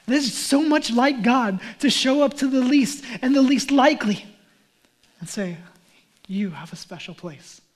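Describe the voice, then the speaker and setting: A male pastor preaching an Easter sermon, animated, acting out quoted lines and dropping to near whispers. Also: extremely high pitch, a little slow.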